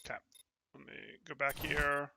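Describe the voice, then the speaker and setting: A man's voice: fairly high pitch, monotone, normal speed, vocal fry, heavy background noise. A young man coaching over a gameplay review, critiquing in an exasperated, incredulous way. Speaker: game coach.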